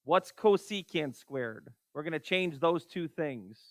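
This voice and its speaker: A man's voice: on the high side, lively intonation, a little slow, fairly bright tone, dry recording. A man teaching a math class, calling on students by name and exasperated by wrong answers. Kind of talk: classroom lecture.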